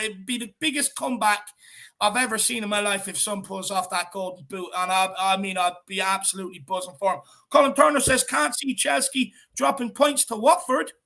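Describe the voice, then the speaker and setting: A man hosting a casual livestream chat, reading out viewer messages with animated energy. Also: extremely high pitch, vocal fry. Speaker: host of fan channel.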